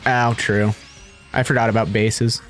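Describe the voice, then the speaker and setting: A man's voice: on the low side, level tone, unhurried, fairly bright tone, soft background music. A young man co-hosting a gaming channel, chatting casually and joking while playing a fighting game. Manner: laid-back, joking, laughs often.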